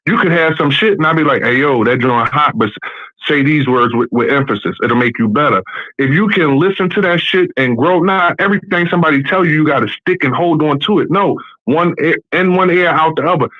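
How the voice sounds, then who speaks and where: A man's voice: on the high side, a little fast, no room sound. A man ranting bluntly and with plenty of profanity in a casual podcast chat, calling in from a bathroom at home. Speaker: podcast guest. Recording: dull lo-fi call audio.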